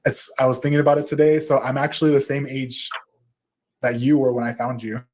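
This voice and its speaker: A man's voice: mid-range voice, fairly even intonation, fairly quick. Man reading chat comments with laughs. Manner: warm, laughs often, reads with fillers. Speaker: host.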